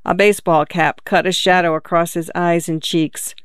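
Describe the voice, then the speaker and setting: A narrator reading a short story aloud in an even, measured way. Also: mid-range voice, clear, resonant tone, dry recording, studio quality. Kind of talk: audiobook narration.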